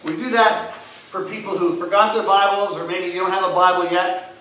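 A man preaching as a church pastor, earnest and rising loud when he retells scripture scenes. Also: high-pitched, little pitch movement, normal speed, slight background noise. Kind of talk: sermon. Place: church sanctuary. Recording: echoey church hall from far off.

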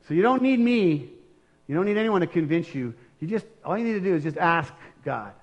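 An older man delivers a sermon in a casual, earnest way, often restarting his sentences. His voice sits high for a man. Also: animated, fairly quick. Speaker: preacher.

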